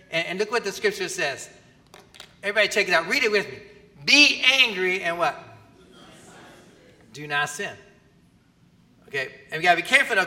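A man preaching a sermon as pastor, animated and often asking the audience questions. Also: fairly high pitch. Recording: long hall reverb.

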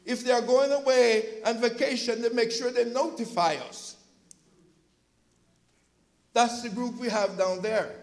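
A male preacher giving an impassioned sermon, telling stories from his church's food pantry and at times rising to a shout. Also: extremely high pitch, fairly even intonation, measured pace, pauses often, low-quality recording. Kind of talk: sermon with storytelling.

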